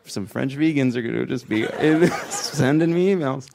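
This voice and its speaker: A man anchoring a satirical comedy news segment, delivering jokes deadpan and breaking into asides. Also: mid-range voice, normal speed, vocal fry, a crowd in the background, background noise.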